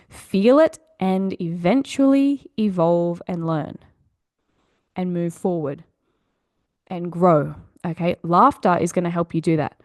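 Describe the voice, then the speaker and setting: A woman's voice: lowish voice, a little mellow, dry recording, studio quality. A woman hosting a self-help podcast, talking in an upbeat, encouraging, chatty way. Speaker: podcast host. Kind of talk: motivational podcast monologue.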